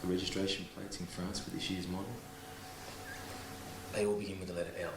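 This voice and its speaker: A man playing a suave, teasing male secret agent in an audition scene, with a smooth, flirtatious delivery. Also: deep voice, level tone, fairly quick. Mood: cool. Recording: roomy studio with background noise.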